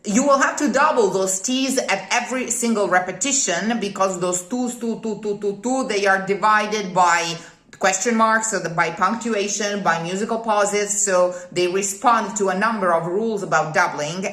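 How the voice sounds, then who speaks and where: A woman's voice: mid-range voice, normal speed, a bit bright. Italian-accented woman diction teacher, methodical, repeats key points, echoey room. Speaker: Italian diction coach for singers. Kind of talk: one-on-one teaching explanation. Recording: roomy echo.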